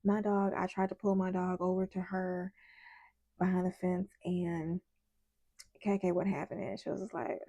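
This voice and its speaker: A woman tarot reader tells a story in a chatty, animated way. Her voice is gravelly and mellow, and the close mic in a dry room keeps it intimate. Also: fairly low pitch, moderate pace, no echo, highs cut off. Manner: chatty, animated retelling with many asides. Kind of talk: casual storytelling vlog.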